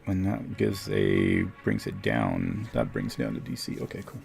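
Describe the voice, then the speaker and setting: A man's voice: low voice, sing-song, a little slow, vocal fry, over music. A man narrating a tabletop game as game master, in a loose, rambling way. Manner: loose, rambling, fillers and restarts.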